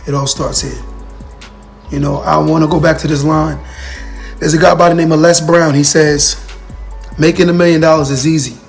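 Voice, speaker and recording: Gravelly-voiced man giving live motivational talk. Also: a little high. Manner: earnest, repetitive, addresses viewers and comments directly. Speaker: motivational speaker on a livestream.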